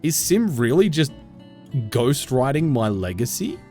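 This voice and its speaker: Man, game streamer, casual chat with viewers, goofy, self-mocking, lively up-and-down pitch. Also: measured pace, faint music behind.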